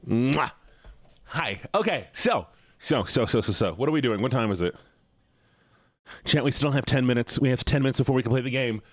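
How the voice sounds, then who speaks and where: A man's voice: mid-range voice, expressive, brisk, no room sound. A male live streamer chatting playfully with his viewers, pleading and teasing. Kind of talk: casual chat with viewers.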